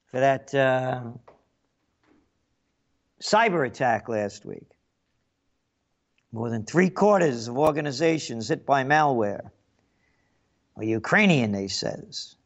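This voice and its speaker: A man hosting a talk radio show, delivering a sarcastic, facetious monologue with a frog in his throat. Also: mid-range voice.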